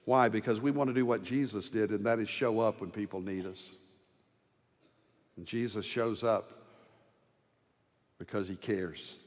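A man preaching a sermon as pastor, dropping to hushed tender lows and rising to loud ringing proclamation. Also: fairly even intonation, a little slow, long pauses. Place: large church sanctuary. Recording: long hall reverb.

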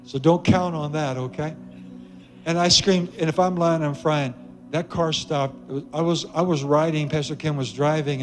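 A pastor delivers a lively sermon in a fairly high voice. He preaches with emphasis, doubling back on his key lines and teasing his listeners. Soft music sits faintly under him. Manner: emphatic, repeats key phrases, jokes with the congregation. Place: church sanctuary with congregation.

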